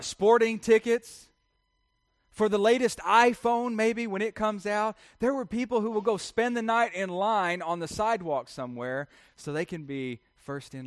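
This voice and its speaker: A man's voice: high-pitched, a bit bright, dry recording, studio quality. A man preaching a sermon in church, conversational and full of rhetorical questions. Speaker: pastor.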